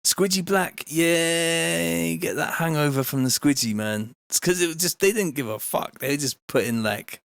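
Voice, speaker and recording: A music producer from Bristol, England, hosts a livestream, making a track while laid-back and rambling, swearing and reading viewer comments aloud, the track faintly audible behind him. His voice is a little high, creaky, smooth and fairly bright, at normal speed in a dry recording.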